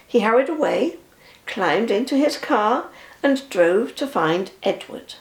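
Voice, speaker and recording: An older woman reading a children's story aloud to a grandchild in a slow, expressive way. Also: mid-range voice, roomy sound.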